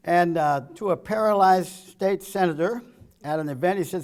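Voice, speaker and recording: A man giving a political speech full of jokes and one-liners, chuckling at his own punchlines and swinging between loud quips and low, muttered asides. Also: moderate pace. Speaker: political speaker. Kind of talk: joke-filled political speech.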